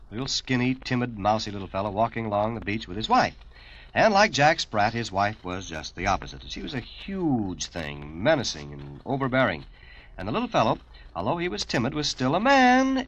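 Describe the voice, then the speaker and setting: Male morning DJ, folksy storyteller with a lively, bouncing delivery; dull, narrow 1950s broadcast sound. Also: mid-range voice. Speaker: radio disc jockey. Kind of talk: morning radio patter and story reading. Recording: dull 1950s radio aircheck.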